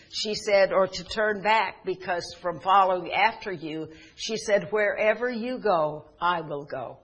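Man, high voice, sermon, earnest preacher, retells scripture. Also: fairly bright tone, slightly rough, highs cut off. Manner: earnest, retells scripture in quoted speech with frequent restarts. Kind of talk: sermon retelling Bible stories.

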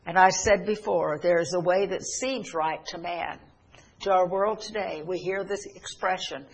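A woman preaching a sermon, telling a story earnestly with halting pauses and restarts. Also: fairly low pitch, slightly rough.

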